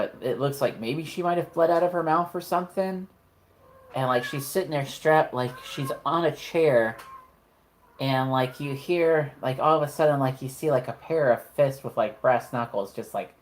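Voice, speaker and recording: A woman narrating a tabletop horror game as game master, casual and profane, with lots of "like" fillers. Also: extremely low pitch.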